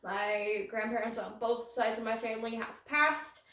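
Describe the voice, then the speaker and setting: A woman's voice: fairly high pitch, normal speed, a bit bright, far from the mic. A young woman hosting a podcast, rambling through a casual story, self-conscious and often laughing. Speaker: podcast host. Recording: roomy echo, voice off-mic.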